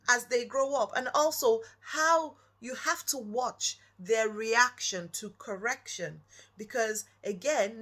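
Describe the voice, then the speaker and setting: A woman's voice: a little high, bright, forceful tone. A woman from Nigeria, giving an earnest, reflective personal talk and putting questions straight to the listener. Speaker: speaker.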